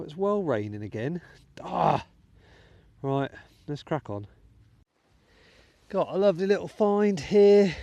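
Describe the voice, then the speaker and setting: A man's voice: mid-range voice, warm tone, no room sound. A British man hosting a metal detecting vlog, chatting casually to viewers as he digs outdoors in a wet field, with muttered asides. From United Kingdom. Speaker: metal detecting channel host. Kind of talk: casual vlog commentary while digging.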